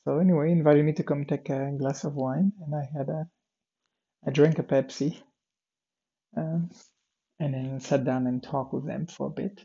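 Tired, gravelly man rambling through his day. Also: fairly high pitch, steady tone, moderate pace, pauses often, warm tone, muffled recording. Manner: meandering, many fillers and restarts, drifts off topic. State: tired and yawning. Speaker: vlogger recording a daily audio diary. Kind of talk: rambling personal diary talk.

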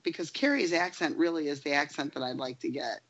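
A woman's voice: deep voice, brisk, muffled recording, a crowd in the background. An American woman chatting casually, self-deprecating and giggly. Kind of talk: casual chat.

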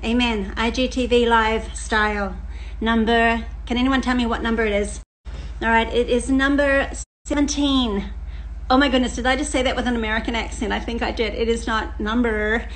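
A middle-aged Australian woman, a pastor hosting a live stream, chatting in an animated way. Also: a little high, brisk, slight background noise, poor audio. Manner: animated, chatty and warm to viewers, with laughter. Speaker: pastor and podcast host. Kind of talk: casual live-stream chat. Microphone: live-stream setup in front of a screen.

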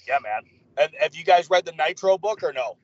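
A man co-hosting a podcast in casual chat, swearing constantly and ranting in animated mock quotes. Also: on the high side, brisk, dry recording, lo-fi sound. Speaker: podcast co-host.

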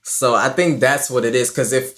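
A man's voice: medium pitch, moderate pace. Irish-raised man, echoey room. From Ireland. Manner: storytelling, relaxed, trailing restarts. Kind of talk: casual chat.

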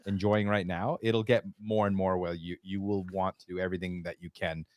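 A man's voice: low voice, flat delivery, brisk. A middle-aged man co-hosting a podcast in casual chat, emphatic and repetitive as he gives fatherly advice. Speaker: podcast co-host.

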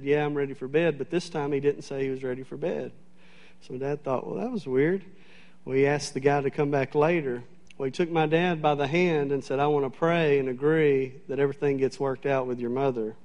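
Male preacher, higher-pitched, animated and chatty, humorous sermon storytelling in church. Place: church sanctuary.

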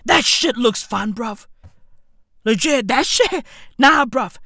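A woman delivering a brash, slang-filled comedic rant with shouted bursts. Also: fairly high pitch, expressive, slow pace, no echo, clean studio sound. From South Africa.

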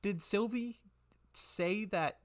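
A man's voice: high voice, slow pace, pitched above the performer's own voice. A man voicing a small, eager girl who runs a shop, bubbly and stammering. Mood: flustered chirpy. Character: small cheerful girl shopkeeper, nervous and eager.

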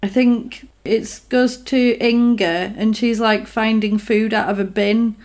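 A woman, casually retelling a film plot and acting out the characters' lines in quick voices. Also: on the high side, fairly even intonation, darkish tone. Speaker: film recapper.

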